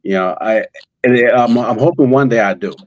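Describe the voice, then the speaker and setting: A man talking in an emotional conversation, halting and repeating words as he speaks through tears. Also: medium pitch, dry recording, dull audio. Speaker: guest, father of a missing daughter.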